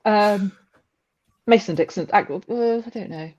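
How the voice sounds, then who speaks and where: A woman's voice: mid-range voice, a little slow, darkish tone. A woman guest on a quiz chat show, tentative and stumbling over her words. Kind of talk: casual chat. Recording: dull lo-fi sound.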